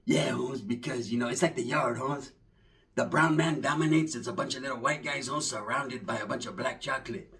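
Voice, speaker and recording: A man's voice: mid-range voice, fairly quick, a bit bright, pitched below the performer's own voice, lightly acted. A man playing his swaggering, streetwise young cousin, off the mic. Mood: boastful. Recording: voice from far off the mic.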